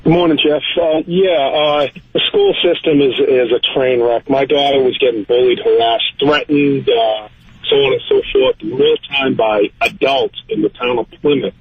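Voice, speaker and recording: A man and father calling a radio show, earnest and halting with fillers. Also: mid-range voice, fairly even intonation, breathy edge, dry recording. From Massachusetts. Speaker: caller, father. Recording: tinny phone line.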